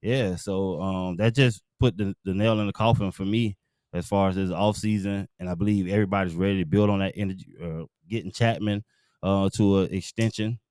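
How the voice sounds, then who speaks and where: A man with a very low, smooth, resonant voice, talking sports as a show guest. He speaks loosely in slang, with lots of fillers and pauses. The sound is close and dry. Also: steady tone, darkish tone, no echo. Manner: laid-back slang, many fillers. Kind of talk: casual sports talk.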